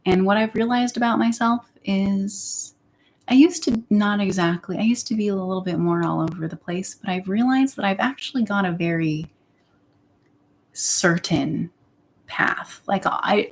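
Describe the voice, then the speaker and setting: A woman's voice: on the low side, gravelly, a little mellow. Candid young woman rambling on a livestream. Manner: rambling, candid, drops to whispers and back. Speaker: YouTuber. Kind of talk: casual livestream chat.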